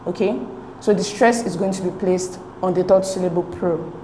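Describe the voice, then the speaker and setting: A woman's voice: on the low side, moderate pace, mellow. A woman teacher explaining exam answers step by step, patient and methodical, often checking in with "okay?". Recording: echoey room with faint noise.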